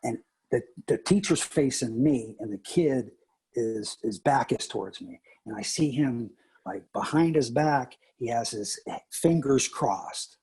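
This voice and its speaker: A man's voice: unhurried, slightly rough. A middle-aged man, a teacher and coach, telling stories in a casual interview and acting out the people he quotes with big jumps in his voice. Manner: animated, acts out quotes with big pitch jumps.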